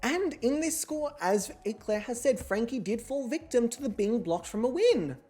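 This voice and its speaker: A woman's voice: fairly high pitch, animated, normal speed, dark tone, faint music behind. A woman hosting an online reality game show livestream in a playful, theatrical way, with casual swearing. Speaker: host.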